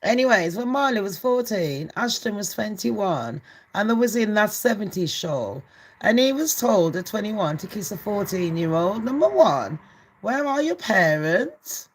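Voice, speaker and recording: A woman's voice: medium pitch, sing-song, measured pace. A brash woman chats through celebrity gossip for her channel. She swears freely and laughs often, with a loose, casual delivery.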